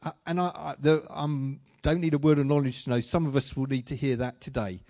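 Chatty preacher man, slightly higher voice. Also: animated, fairly quick, hardly any pauses, a little mellow. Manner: chatty, self-deprecating, frequent restarts. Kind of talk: sermon with personal anecdotes.

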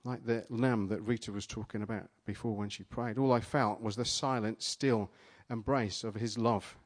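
A man's voice: lowish voice, moderate pace. Dramatic storytelling male preacher. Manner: dramatic, storytelling, turns playful and energetic with volunteers. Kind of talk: sermon told as a first-person retelling. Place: church gathering with a live audience.

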